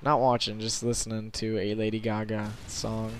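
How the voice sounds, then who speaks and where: A young man giving rambling, self-conscious gameplay commentary from his bed late at night, filling pauses with lots of ums. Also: on the low side, completely flat delivery, slight background noise.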